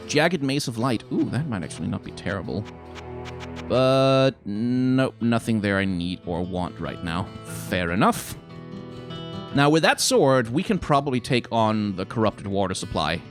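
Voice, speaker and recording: A man's voice: fairly low pitch, animated, measured pace. A man giving casual gameplay commentary as a let's play host, thinking aloud and swearing now and then. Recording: game music playing loudly underneath. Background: game music.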